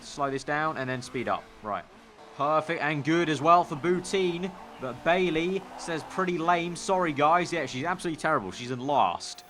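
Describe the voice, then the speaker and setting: A young man with a Northern English accent, giving casual game commentary in a chatty way, thinking aloud with excitable bursts. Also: fairly high pitch, normal speed, slight background noise. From Northern England. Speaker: gaming YouTuber.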